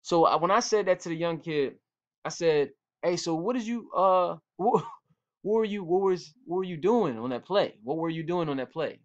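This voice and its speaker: Laid-back slangy football coach, muffled. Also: male voice, on the high side, expressive, moderate pace. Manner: laid-back, slangy, storytelling with quoted exchanges. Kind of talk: casual instructional talk.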